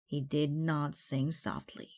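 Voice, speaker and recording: A woman reading a children's picture book aloud, slowly and carefully. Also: low-pitched, little pitch movement, darkish tone, dry recording. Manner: slow, careful read-aloud. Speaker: storybook reader.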